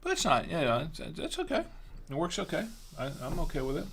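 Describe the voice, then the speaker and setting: A middle-aged man hosting a wine tasting show, chatting casually and haltingly, sometimes talking while chewing. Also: fairly high pitch, huge pitch swings, creaky, a bit bright, slight background noise.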